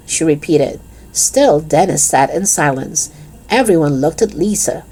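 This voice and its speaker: A woman reading a children's chapter book aloud in an expressive, lively storytelling manner. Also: low-pitched, unhurried, husky.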